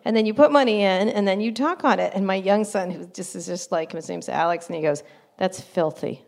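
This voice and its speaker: Guest spot: middle-aged woman reporter, animated raconteur, breaks into laughs mid-story. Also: mid-range voice, fast, creaky. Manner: animated, laughing asides, acts out quotes. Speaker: interview guest, journalist. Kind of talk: casual storytelling interview.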